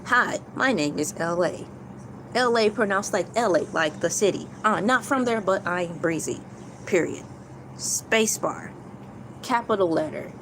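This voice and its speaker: A woman voicing a stiff, monotone female robot that reads its punctuation aloud in a flat, mechanical way. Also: mid-range voice, measured pace, noisy background, natural voice.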